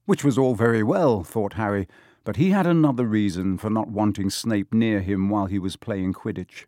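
A male audiobook narrator with a lowish voice, telling the story at a measured pace. The recording is close and dry, with no room sound. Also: dark tone, dry recording. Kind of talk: scripted narration.

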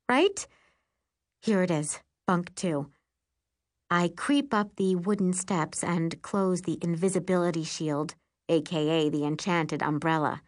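Expressive woman reading an audiobook. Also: lowish voice. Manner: lively, expressive storytelling. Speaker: audiobook narrator. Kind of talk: first-person audiobook narration.

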